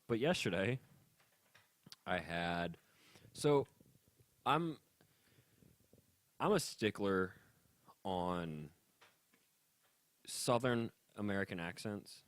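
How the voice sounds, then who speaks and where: A young man rants through a casual podcast chat, his lowish voice leaping up and down as he gets worked up. The sound is dry and close, with no room around it. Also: extremely slow, pauses often, no echo. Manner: animated, ranting, laughs often. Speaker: podcast co-host.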